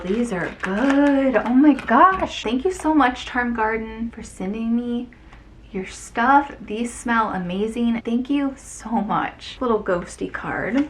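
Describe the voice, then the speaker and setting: A woman's voice: a little high, a little hiss or hum. A woman vlogger opening fan mail at home, chatting casually and reading letters aloud, gushing and exclaiming often.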